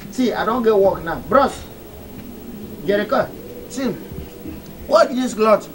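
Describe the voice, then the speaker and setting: An actor with a Nigerian Pidgin English accent playing a brash talkative young man who is loud, excitable and quick to grovel, in a film. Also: high voice. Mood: rowdy. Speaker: character in a film. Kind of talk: film acting. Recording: noisy film location sound.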